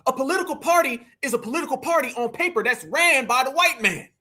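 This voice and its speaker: A man's voice: very high voice, animated, quick pace, pushed and bright, husky. A man hosting live political commentary, mocking and emphatic and full of slang.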